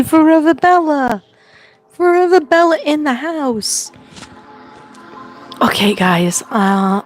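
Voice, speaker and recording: A woman hosting a casual livestream from home, chatty and rambling, laughing often. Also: mid-range voice. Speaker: livestream host.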